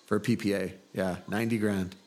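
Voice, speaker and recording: A man hosts a casual podcast chat. His voice sits on the low side, and he talks in a relaxed, joking way, agreeing easily. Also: brisk. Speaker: podcast host.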